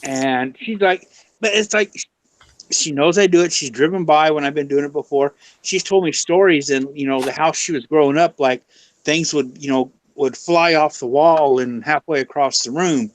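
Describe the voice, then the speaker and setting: A man's voice: fairly high pitch, moderate pace, no room sound, low-quality recording. A man chatting as a guest on a live stream, telling a long rambling story and acting out the quotes. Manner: rambling anecdote full of "you know", acting out quotes. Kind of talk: casual storytelling chat.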